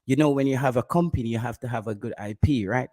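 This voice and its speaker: A man's voice: mid-range voice, fast talker, dark tone. A man with a Jamaican accent, hosting a casual live stream about football, bantering with his chat and laughing often.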